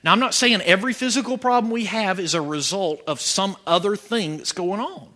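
A man from preaching a sermon, telling stories with animation and breaking into shouts. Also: high voice, brisk. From Georgia, USA. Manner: animated storytelling, bursts into shouting.

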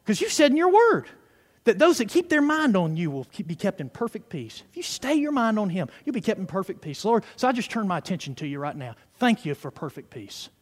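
A man's voice: sits high, very animated, fairly quick. A man preaching a fervent sermon, peppering his words with hallelujahs and praise God. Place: church sanctuary. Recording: reverberant hall.

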